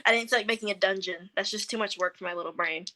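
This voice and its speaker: A woman's voice: mid-range voice, fast, bright, forceful tone. A woman narrating as game master, casual and joking, with a lot of slang. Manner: giggly, loose and joking, slangy.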